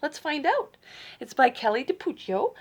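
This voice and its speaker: A woman librarian reading a picture book aloud to children, playful and teasing, with dramatic gasps and hushed asides. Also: high voice, big pitch swings, moderate pace.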